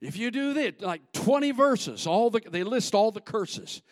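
Pastor, male, high tenor, dry close sound, preaches in surges, shouts the peaks, mutters the asides. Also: very animated, unhurried, dry recording. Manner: builds to shouting peaks, drops to low asides; folksy, repetitive, call-and-response. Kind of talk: sermon.

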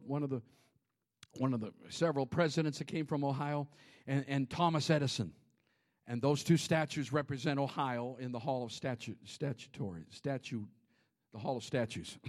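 A man preaching a sermon in a church, dropping to whispers and rising to shouts. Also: fairly high pitch. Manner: animated preaching, swings from hushed whispers to shouts. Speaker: pastor. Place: church sanctuary.

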